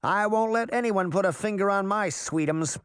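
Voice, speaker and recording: Brash boy fairy trickster, high and teasing, read by a male narrator, dry close sound. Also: moderate pace, smooth, dry recording, natural voice. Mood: cocky. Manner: cocky, teasing.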